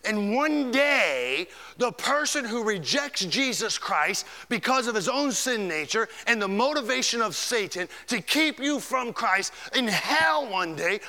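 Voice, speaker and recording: A male pastor preaching a dramatic sermon, swinging from shouts down to hushed whispers. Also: high voice, in a large hall.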